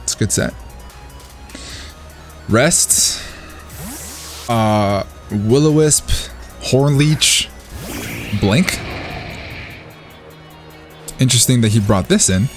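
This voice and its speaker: A man with a mid-range voice casually narrates his own competitive match extremely slowly, with long pauses and faint music in the background. Excitable, he thinks aloud, celebrates his plays, and addresses his opponent.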